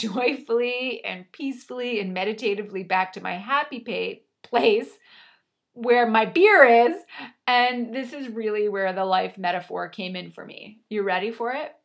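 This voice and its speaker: Animated, dramatic woman storyteller. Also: fairly high pitch. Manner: dramatic and self-mocking, exaggerates for effect, mild swearing. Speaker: storyteller sharing a personal anecdote.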